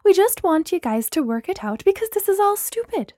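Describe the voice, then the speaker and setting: A woman reading the part of a bossy, cheerful young woman who pushes her friends around and smooths over quarrels. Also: very high-pitched, big pitch swings, no echo, studio quality, voice pushed up. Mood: pushy. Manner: forceful, quick to smooth things over.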